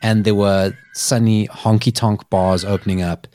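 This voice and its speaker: A man's voice: fairly low pitch, flat delivery, normal speed, mellow. A man hosting a podcast, telling a story in a chatty way and laughing often. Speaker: podcast host. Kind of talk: casual chat.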